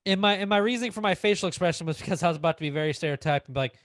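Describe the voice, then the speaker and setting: A man's voice: fairly high pitch, rapid-fire, fairly bright tone, no echo, clean studio sound. A young man co-hosting a casual podcast, blunt and swearing. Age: young adult. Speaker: podcast co-host. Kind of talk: casual chat.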